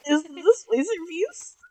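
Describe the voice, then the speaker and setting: Super excited lady player, high and bouncy, dry close sound. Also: no room sound. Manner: excitable, gushing. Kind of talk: casual tabletop play.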